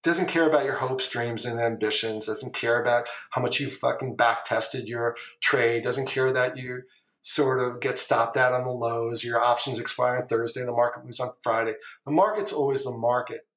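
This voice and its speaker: This is a casual storytelling interview with a middle-aged former trader on a podcast, rambling, repeating phrases and swearing in passing. His mid-range voice stays fairly flat in pitch, runs at normal speed and sounds a bit bright, with echo from the room.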